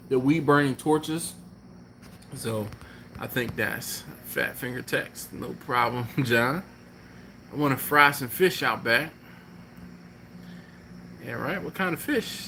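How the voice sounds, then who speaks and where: A man hosting a barbecue channel's live stream, chatting casually and answering viewer comments in a relaxed, rambling way. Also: medium pitch, a little hiss or hum. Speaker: BBQ channel host.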